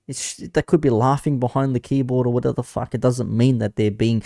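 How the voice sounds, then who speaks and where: A man's voice: mid-range voice, steady tone, fairly quick, gravelly, dark tone, no echo, studio quality. A man talking casually on a live stream, rambling about online chat moderation and swearing freely. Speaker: commentary streamer.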